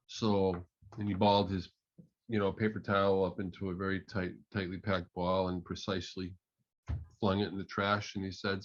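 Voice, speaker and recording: Low-voiced man telling a story. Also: flat delivery. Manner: conversational, halting, many fillers. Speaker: management consultant and keynote speaker. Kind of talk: storytelling talk. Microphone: online call audio. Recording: muffled online call audio.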